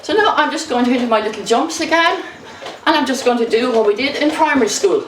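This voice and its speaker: A woman's voice: high voice, expressive, a little fast, a bit bright, echoey room, distant mic, a little hiss or hum, rough recording. A woman leading a rebounding workout, cheerful and encouraging, a little out of breath as she keeps jumping while she talks. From Ireland. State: slightly out of breath. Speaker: exercise instructor. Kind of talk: exercise demonstration. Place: indoors at home.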